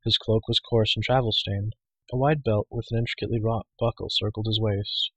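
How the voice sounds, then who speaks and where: Husky, low male audiobook narrator. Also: fairly even intonation, a little fast, a bit bright, no echo, highs cut off.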